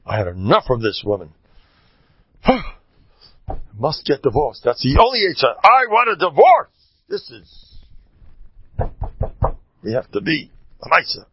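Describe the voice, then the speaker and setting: A man's voice: mid-range voice, big pitch swings, takes it slowly, long pauses, a little hiss or hum, voice pushed up. A man voicing a fed-up husband who presses for answers. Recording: dull lo-fi dry recording.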